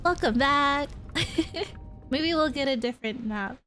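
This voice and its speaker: A woman's voice: high-pitched, slow pace, a bit bright, faint music behind. A woman streaming a video game, chatting playfully, exclaiming and laughing as she plays. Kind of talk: casual gameplay chatter.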